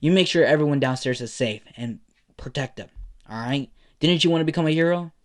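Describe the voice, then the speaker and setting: A man's voice: a little high, brisk, pitched above the performer's own voice, lightly acted. A man voicing a brash, cocky teenage boy hero in a casual, offhand way.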